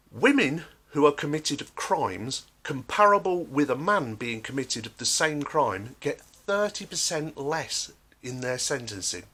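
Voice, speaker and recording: A man's voice: medium pitch, bright, forceful tone. A man delivering an emphatic, sarcastic ranting monologue. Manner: emphatic, sarcastic, acts out quotes. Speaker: vlogger.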